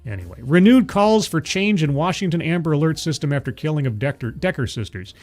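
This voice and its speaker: A man with a somewhat high voice hosts a political commentary livestream, sardonic and loose, stumbling through restarts and fillers as he reads out viewer chat. Faint music plays softly underneath. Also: very animated, a little fast. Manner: rambling with frequent fillers and restarts. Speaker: livestream host.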